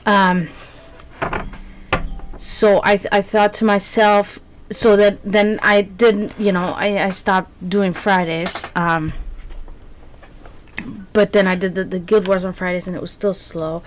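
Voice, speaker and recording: A woman's voice: mid-range voice, fairly even intonation, slow pace, a little hiss or hum. Rambling woman streamer chatting. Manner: rambling, many fillers and restarts. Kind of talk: casual chat with stream viewers.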